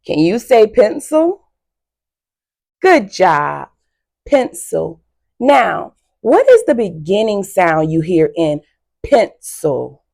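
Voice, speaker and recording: A woman teacher giving a phonics lesson to young children, slow and encouraging with frequent praise. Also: medium pitch, very animated, vocal fry, darkish tone.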